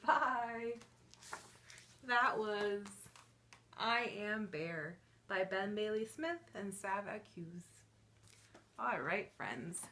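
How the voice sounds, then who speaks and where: A woman working as a children's librarian, reading picture books aloud to young children in an animated sing-song way, counting along and gasping with delight. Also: mid-range voice, extremely slow, long pauses, a little hiss or hum.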